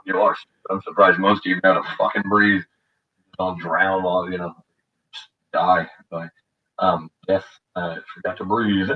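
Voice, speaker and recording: Older guy rambling crude on his show, lowish voice, muffled lo-fi, kinda far from the mic. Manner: rambling, crude and bitter, many fillers and restarts. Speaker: radio show host. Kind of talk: rambling monologue. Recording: dull lo-fi audio, voice set back from the mic.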